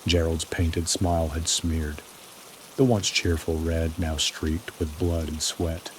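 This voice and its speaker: A man with a very low, deep voice narrates a sleepy horror story in a slow, deliberate manner. His delivery is ominous and carefully scripted. Gentle rain patters faintly behind him. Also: little pitch movement, slight background noise.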